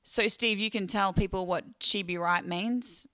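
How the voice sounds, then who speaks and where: An Australian woman hosting a casual livestream, chatty and quick to laugh, reading viewer comments aloud. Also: mid-range voice, pushed and bright. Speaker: livestream host.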